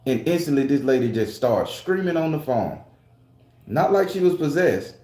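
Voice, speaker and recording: A man's voice: medium pitch, animated, normal speed, darkish tone, reverberant. A man and tarot reader telling a story in a casual, profane, emphatic way.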